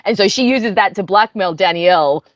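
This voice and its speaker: A woman co-hosting a casual film review chat, animated and laughing often, acting out scenes as she retells them. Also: medium pitch, moderate pace, no room sound. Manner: animated, laughs often, acts out quoted lines. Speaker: podcast co-host. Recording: dull lo-fi dry sound.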